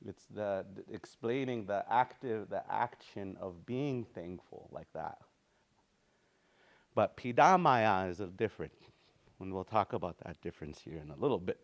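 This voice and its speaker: A man teaching a language lesson in a relaxed, easygoing way, slowly repeating words for practice and often restarting his sentences. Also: fairly low pitch. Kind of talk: informal spoken language lesson.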